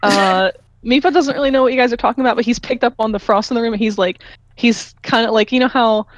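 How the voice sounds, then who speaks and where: A woman's voice: a little high, fast, dry recording. A woman running a tabletop game as game master, narrating loosely with fillers and small laughs.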